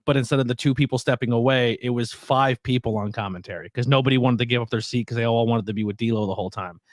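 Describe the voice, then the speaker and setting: A man's voice: medium pitch, quick pace, no room sound, clean studio sound. A man co-hosting a wrestling podcast, talking earnestly and rambling in a casual chat, with frequent restarts. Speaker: podcast co-host.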